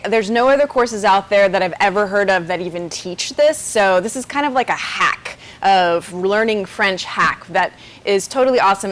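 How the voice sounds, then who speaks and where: Upbeat chatty woman teaching. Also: mid-range voice. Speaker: French teacher. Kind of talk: casual online language lesson.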